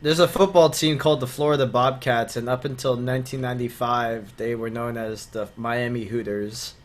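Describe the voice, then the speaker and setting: A man's voice: mid-range voice, fairly even intonation, normal speed. Wisecracking young man, casual chat. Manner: wisecracking, offhand.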